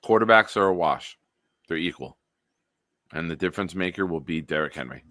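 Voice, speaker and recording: Here the same sort of host, a man with a low voice running a laid-back sports stream, moves briskly as he animatedly reads out viewer comments. His tone is bright and forceful, captured in a dry, close recording.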